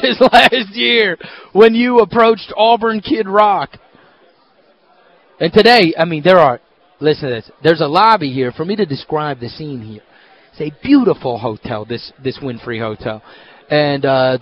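A man hosting a sports radio show, telling stories in an animated, casual way. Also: sits high, unhurried, highs cut off. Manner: animated storyteller, excitable. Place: hotel at a media event.

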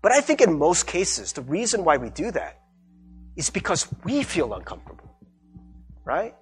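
A man's voice: fairly high pitch, normal speed, soft background music. A male pastor giving a conversational sermon, acting out bits of everyday dialogue and checking in with "right?". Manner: animated, acts out everyday dialogue with repeated "right?".

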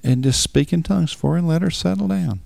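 A man's voice: a little high, fast, creaky, a little mellow, no echo. A man preaching on marriage in a folksy, emphatic way, repeating words for stress. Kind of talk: sermon.

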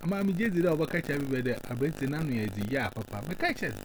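A man's voice: a little high, very animated, quick pace, background noise. A man giving earnest advice, mixing English words into his talk.

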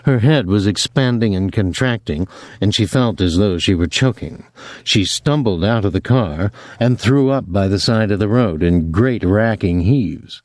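A man narrating an audiobook in an expressive, measured reading. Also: fairly low pitch, no room sound, studio quality.

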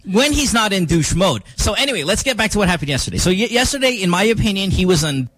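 Animated, high-voiced male radio host. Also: fast talker, no room sound, low-quality recording. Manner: animated storytelling, quoting others with rising pitch. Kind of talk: casual chat.

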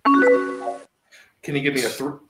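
Running a word game with friends, a man keeps pressing the others to answer faster. He speaks slowly and flatly at medium pitch with a slightly bright tone, in an echoey room with soft music playing in the background.

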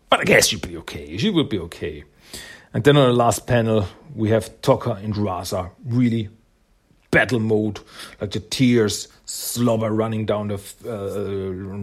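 A man's voice: on the low side, breathy edge. A man casually recapping a comic book's story, rambling with many fillers and acting out the characters' lines. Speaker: comic book reviewer.

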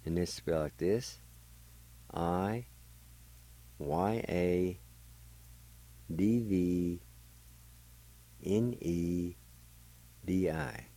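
A man's voice: low-pitched, extremely slow, gravelly, long pauses, dark tone, low-quality recording. A man teaching a language lesson on the radio, patiently spelling words letter by letter and sounding them out.

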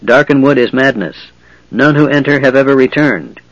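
A man's voice: medium pitch, moderate pace, no echo, muffled recording, natural voice. A man voicing a stern, proud knight who speaks curtly and grimly. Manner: curt, grim.

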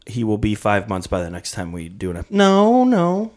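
A man's voice: sits low, steady tone, fairly quick. A man co-hosting a podcast, talking in rambling, profane casual banter. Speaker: podcast co-host.

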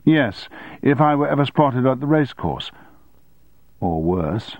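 Man doing a cool careful schoolboy, polite and even, tinny dry sound. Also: medium pitch, measured pace, no room sound, pitched above the performer's own voice. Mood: guarded. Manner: polite, composed. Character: teenage schoolboy, guarded and calculating. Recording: dry, phone-like narrow sound.

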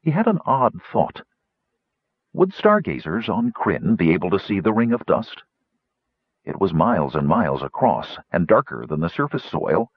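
Lively low-voiced male storyteller. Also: slightly rough, dry recording. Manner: dramatic, measured storytelling. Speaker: audiobook narrator. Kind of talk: scripted fantasy narration. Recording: dull lo-fi dry recording.

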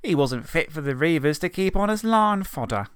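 A man's voice: fairly high pitch, animated, moderate pace, a bit bright, smooth, no room sound, clean studio sound, pitched above the performer's own voice. A man voicing a sneering village boy who scoffs at another boy's father. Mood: scoffing.

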